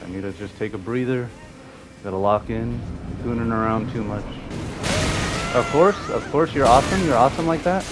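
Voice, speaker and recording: A young man commenting casually on his gameplay, cursing and joking in quick outbursts over game music. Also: mid-range voice. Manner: profane, jokey, quick outbursts. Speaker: gaming YouTuber.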